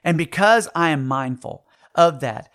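Middle-aged male pastor, high lively voice, acts out his stories. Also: unhurried. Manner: animated storyteller, acts out sounds and voices. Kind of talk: sermon with storytelling.

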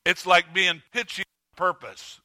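A man preaching a sermon as pastor, conversational and halting with fillers and restarts, rising when he stirs up the congregation. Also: heavy background noise. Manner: rises in pitch and volume when stirring the congregation. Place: church sanctuary.

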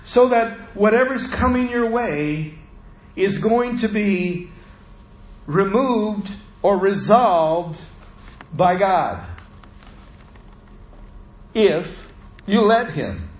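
A man's voice: high-pitched, animated, very slow, long pauses, reverberant, low-quality recording. A middle-aged man preaching a sermon, telling a personal story in a conversational way and acting out the voices of the people in it.

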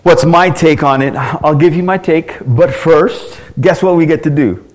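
A man's voice: a little high, unhurried, darkish tone. A man pastor teaching a church class in an earnest, conversational way, asking the group questions and often restarting his words.

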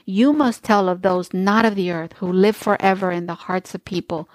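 A woman's voice: mid-range voice, fairly even intonation, normal speed, dry recording, close to an everyday voice. A woman reading aloud as a firm, wise old immigrant grandmother who speaks in plain, old-fashioned phrases.

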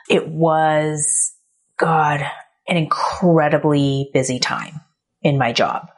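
Low-voiced woman telling a candid story. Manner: candid, reflective, with soft laughs. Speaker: podcast host. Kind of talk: personal storytelling monologue.

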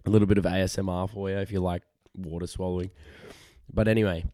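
A man's voice: deep voice, little pitch movement, fast talker, dark tone, no room sound, clean studio sound. A tired man hosting a casual solo podcast, rambling, frank and self-deprecating, swearing freely. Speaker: podcast host.

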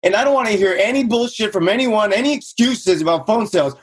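A man's voice: fast talker, breathy edge. A man in his thirties from Southern California, telling his own story in a casual interview and acting out quotes with a raised voice. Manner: energetic storyteller, acts out quotes in higher voice. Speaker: guest, real estate investor.

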